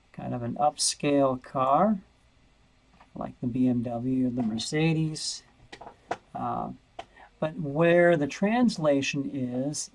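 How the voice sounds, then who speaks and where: Slow, gravelly-voiced male math teacher. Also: medium pitch, darkish tone, low-quality recording. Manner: slow, thinking aloud, repeats words while searching. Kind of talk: screen-recorded lesson walkthrough.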